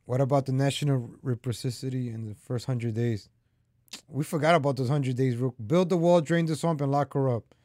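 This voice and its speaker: A man's voice: mid-range voice, a little fast, mellow, no echo, clean studio sound. A man hosting his own political commentary vlog, talking straight to his viewers in a heated, repetitive rant. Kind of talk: ranting opinion vlog.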